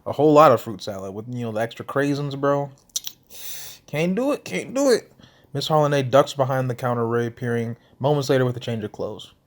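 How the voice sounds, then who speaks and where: A man's voice: medium pitch, quick pace, hardly any pauses. A young man casually commenting on a story game, reading its text aloud in a slangy, laid-back way and sometimes talking with his mouth full. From St. Louis area, US. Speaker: gameplay commentator.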